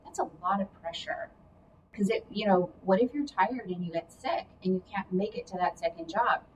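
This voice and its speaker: A woman's voice: mid-range voice, normal speed, a little mellow. A woman giving casual career and money advice in a chatty, explanatory way, adding hedging asides. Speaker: career coach guest. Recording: distant mic with faint background noise.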